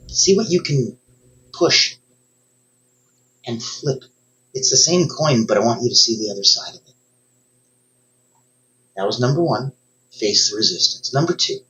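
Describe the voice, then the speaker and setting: A man giving a motivational talk as a coach, emphatic and speaking straight to the listener, with sudden upward jumps in pitch on key words. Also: fairly bright tone.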